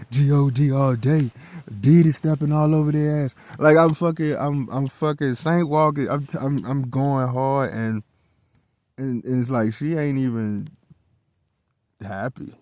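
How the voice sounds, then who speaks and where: A man's voice: mid-range voice, fairly even intonation, a little slow, a little mellow. A man telling a personal story in a casual, heated monologue, swearing often and repeating himself as he goes.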